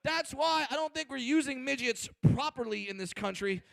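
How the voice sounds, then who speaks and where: High, brash young comedian man. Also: animated, moderate pace, gravelly, no room sound. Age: 20s. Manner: loud, brash, profane punchlines. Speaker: stand-up comedian. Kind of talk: stand-up comedy routine.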